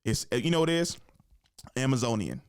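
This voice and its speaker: A man's voice: medium pitch, normal speed, clean tone. Laughing man telling comic stories. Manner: animated storytelling, acts out voices, laughs often. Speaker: podcast host, comedian. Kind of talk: casual solo monologue.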